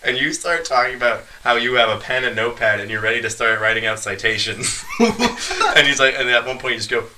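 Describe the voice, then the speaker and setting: A man's voice: mid-range voice, very animated, a little fast, noisy background. A young man casually telling a funny story, laughing often as he goes. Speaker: podcast guest storyteller. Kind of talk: casual chat.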